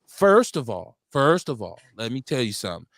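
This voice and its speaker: A man with a Milwaukee accent hosting a casual radio talk show, animated and profane, often acting out quotes in mock voices. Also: mid-range voice, moderate pace, dry recording. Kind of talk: casual call-in radio chat.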